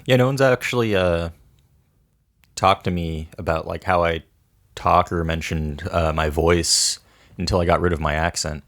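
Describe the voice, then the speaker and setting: A man's voice: low voice, normal speed, a bit bright. A young man co-hosting a casual podcast, rambling and jokey. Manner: rambling, jokey, drops into impressions. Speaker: podcast co-host. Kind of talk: casual chat.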